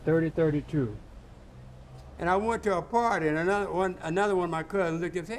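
An older man with a high, fast voice tells his life story in a casual, colloquial interview, slight background noise behind him. He's a cowboy, laid-back in manner, and he acts out the voices of the people he quotes.

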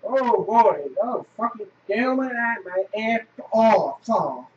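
Speaking slowly in a high, lively voice, a frustrated gamer swears and yells at the game. He's a gameplay video host doing casual let's play commentary, picked up on a distant lo-fi mic.

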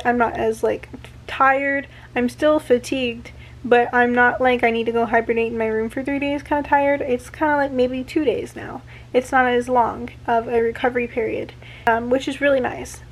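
A young woman with a high, light voice talks straight into a handheld camera at home. Her chat is casual and meandering, full of ums and restarts, and she sounds a little out of breath. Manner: chatty, rambling with many fillers and restarts. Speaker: vlogger. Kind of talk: casual vlog.

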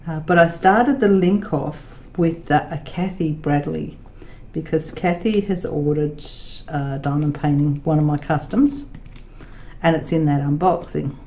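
A woman chatting casually with her viewers, with many fillers, sometimes talking to her dog in a high baby voice. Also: fairly even intonation, a little slow, dark tone. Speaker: craft vlogger. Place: home laundry room. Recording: echoey room with faint noise.

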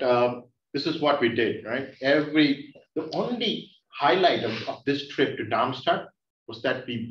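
A man from India giving a humorous speech to an audience, playfully teasing listeners with questions. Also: mid-range voice. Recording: roomy, distant, dull sound.

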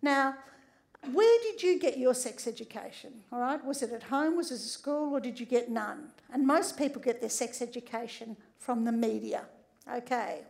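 A middle-aged woman, a sex therapist and doctor, gives a humorous public talk. She tells stories in a lively way and often checks in with "all right?". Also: fairly high pitch, normal speed, creaky.

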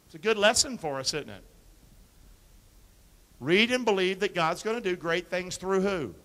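Male pastor, sermon, high voice, call-and-response, long church reverb. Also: expressive, normal speed. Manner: call-and-response preaching, quoting scripture; swings from soft asides to loud emphatic lines. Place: church sanctuary.

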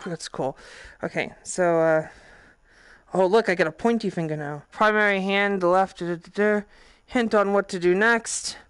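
A woman with a Boston accent giving casual, profane, excitable commentary while playing a VR game. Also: mid-range voice, moderate pace, clean tone, no room sound, clean studio sound. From Boston, USA. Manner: profane, excitable, thinking aloud. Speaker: VR game streamer. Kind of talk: casual let's-play commentary.

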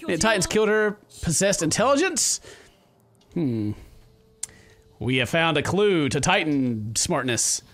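A young man commentating his gameplay, goofy and excitable, talking back to the characters on screen. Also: a little high, measured pace, long pauses. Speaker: gaming video host. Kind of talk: game commentary.

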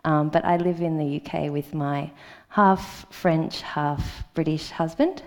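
A woman's voice: deep voice, fairly even intonation, slow, a little mellow. A woman in her thirties with an Australian accent, giving a conference talk in a hesitant way with many ums. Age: 30s. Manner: hesitant, with frequent ums and uhs. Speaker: conference speaker. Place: conference hall.

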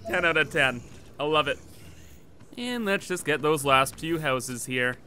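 High, lively gaming commentator man. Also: measured pace, slight background noise. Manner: playful, laughing, hyped. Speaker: gaming YouTuber. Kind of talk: casual gameplay commentary.

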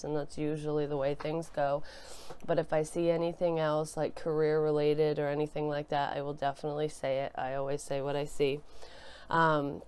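A young woman with a cold gives a casual tarot reading. Her low voice sounds nasal and stuffy but stays smooth and resonant. She talks in a loose, chatty way full of fillers. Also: darkish tone. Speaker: tarot reader.

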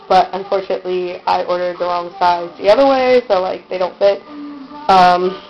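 A woman's voice: fairly low pitch, fairly even intonation, moderate pace, lo-fi sound. A woman giving a rambling, giggly tour of her bedroom, recorded on a handheld camera's built-in mic. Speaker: vlogger giving a room tour. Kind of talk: casual handheld room-tour chat. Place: her own bedroom, indoors.

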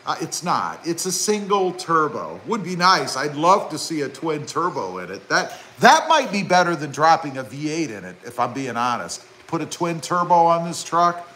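Excitable, bright-voiced man host. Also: a little high, normal speed, hardly any pauses, low-quality recording. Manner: excitable, reads viewer comments aloud, chatty asides. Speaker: YouTube car channel host. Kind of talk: live stream chat with viewers.

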